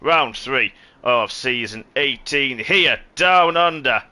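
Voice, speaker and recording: A man hosting and commentating a sim racing league broadcast, opening with showman-like, lively introductions. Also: medium pitch, slow pace. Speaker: lead commentator and show host.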